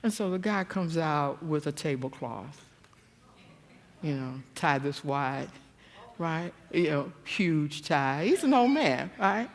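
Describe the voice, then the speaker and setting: A woman giving a church seminar talk, telling stories animatedly and jumping to a high voice when she acts out quotes. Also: animated, slow, big-room sound. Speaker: guest speaker. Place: church hall.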